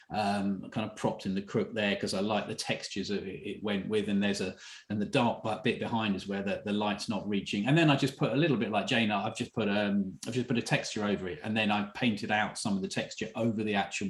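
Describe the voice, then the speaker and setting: A man's voice: on the low side, fairly even intonation, fairly quick, roomy sound. A man hosting a casual photography chat on a video call, talking in loose, rambling sentences with many restarts. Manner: rambling, with frequent restarts and trailing off. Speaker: host of an online photography chat.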